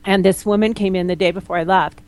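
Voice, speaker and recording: A woman naturopath being interviewed, talking bluntly and telling lively stories, often acting out what people said. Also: medium pitch, fast, rough recording. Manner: blunt, animated storyteller, quotes people in lively voices. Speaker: naturopath guest. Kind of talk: candid interview conversation.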